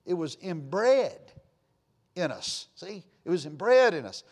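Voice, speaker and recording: A man's voice: sits high, big pitch swings, takes it slowly, a little mellow. A man preaching a sermon, folksy and storytelling, rising and falling for emphasis.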